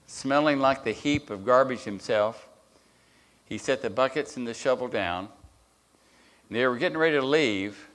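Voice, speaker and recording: A man preaching as a guest speaker, telling a story in a sermon with restarts and filler words. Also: medium pitch.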